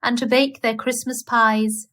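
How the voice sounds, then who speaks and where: A woman reading a children's bedtime story aloud in a gentle, expressive manner. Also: on the high side, a little slow.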